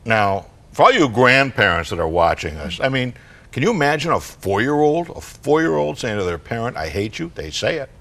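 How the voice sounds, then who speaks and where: A man's voice: medium pitch, normal speed. An older man on a studio talk show, telling parenting stories and acting out kids and parents. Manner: animated storyteller, acts out kids and parents. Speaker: guest parenting author.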